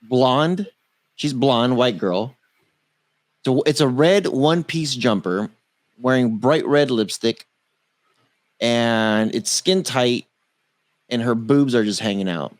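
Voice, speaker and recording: A man's voice: mid-range voice, expressive, slow pace, long pauses, no echo. A man co-hosting a tech-news podcast, chatting casually, joking and cursing freely. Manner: loose, joking, laughs often, swears. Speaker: podcast co-host.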